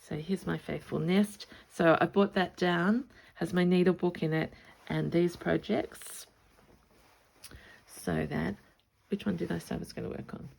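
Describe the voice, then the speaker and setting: Woman vlogger, gravelly and unhurried, chatty and excitable show-and-tell. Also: fairly low pitch. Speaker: stitching vlogger. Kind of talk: casual show-and-tell vlog.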